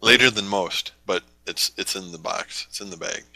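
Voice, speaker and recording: A young man with a low, very bright and forceful voice, joking wryly in casual podcast chat. The sound is dry and close, with no room echo. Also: normal speed. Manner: wry, joking, acts out quotes in funny voices. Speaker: podcast co-host.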